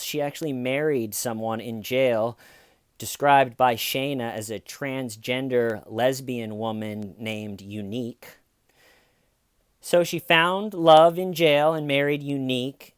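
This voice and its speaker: Man, comedic crime storytelling, sarcastic, rambling asides, smooth clear voice, dry sound. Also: medium pitch, dry recording. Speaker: comedic true crime commentator.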